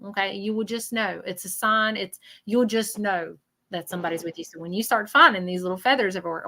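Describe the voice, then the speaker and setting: A woman's voice: mid-range voice, bright, forceful tone, poor audio. A woman working as a psychic medium, giving a live reading in a chatty way and checking in with 'okay?'.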